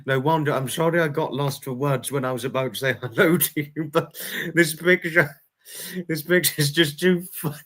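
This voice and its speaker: A man's voice: on the high side, moderate pace, a bit bright. A man hosting a casual livestream, chatting with viewers and reading their comments aloud, giggling constantly between his words. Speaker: livestream host.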